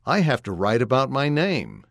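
A man's voice: mid-range voice, huge pitch swings, normal speed, gravelly, a bit bright, no room sound, studio quality, full character voice. A man reading aloud and voicing a nervous young schoolboy with a boyish, pleading tone. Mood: anxious. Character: anxious young schoolboy, nervous about speaking up.

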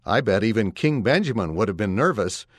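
A man's voice: on the low side, animated, a little fast, no room sound, clean studio sound. A man reading aloud and voicing a nervous young schoolboy with a boyish, pleading tone. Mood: anxious. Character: anxious young schoolboy, nervous about speaking up.

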